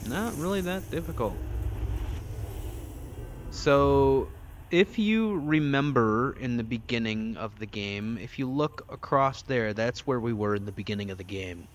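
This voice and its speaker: A man talks through a video game in loose, casual commentary. His voice sits at an ordinary middle pitch. He swears freely, cracks crude jokes and snaps back at enemies on screen. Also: unhurried. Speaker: gameplay streamer. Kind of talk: casual let's-play commentary.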